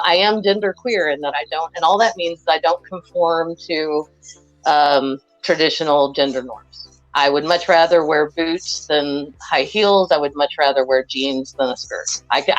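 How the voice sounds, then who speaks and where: A woman's voice: sits low, normal speed, highs cut off, soft background music. A woman from Western Kentucky, a guest chatting casually on a video call and rambling with many restarts.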